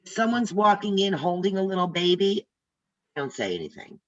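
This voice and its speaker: A woman's voice: mid-range voice, sing-song, moderate pace, dull audio. An older woman teaching a class on a video call, chatty and direct, telling stories as she goes. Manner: chatty, tells stories, talks straight to trainees. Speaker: real estate instructor.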